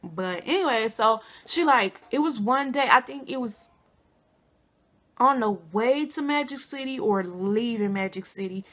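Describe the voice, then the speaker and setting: A young woman from Flint, Michigan, telling a storytime to her viewers in a chatty, animated way. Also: on the high side, unhurried. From Flint, Michigan, USA. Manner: chatty, addresses viewers as y'all and girl, animated quotes. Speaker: vlogger. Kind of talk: casual storytime.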